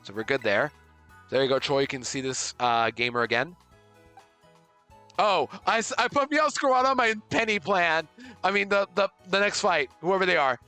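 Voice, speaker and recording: A male streamer with a bright, forceful voice, talking through a live game run. He is excitable, swinging between panicked outbursts and easy banter with chat. Faint game music plays behind him. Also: a little high, normal speed, clear, resonant tone. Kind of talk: live gameplay commentary.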